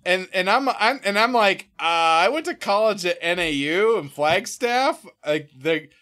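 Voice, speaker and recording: A man talking as a podcast guest, telling a story in a casual, profane, animated way and acting out voices. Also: high voice, unhurried.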